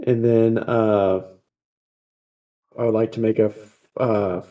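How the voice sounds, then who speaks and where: A man's voice: on the low side, flat delivery, slow pace, highs cut off. A man playing a tabletop game, thinking aloud as he plans his character's moves. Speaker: player.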